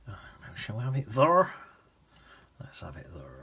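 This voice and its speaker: A man's voice: on the low side, wildly swooping pitch, moderate pace, husky. A man teaching watercolour, chatting casually and often dropping to a whisper as he paints. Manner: chatty, drifts into soft whispers and hums while painting.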